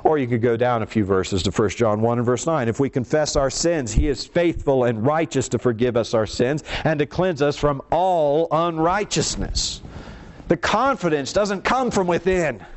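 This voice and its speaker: Animated and at normal speed, a male preacher delivers an emphatic sermon. He moves from hushed, low stretches to raised lines and puts rhetorical questions to the congregation.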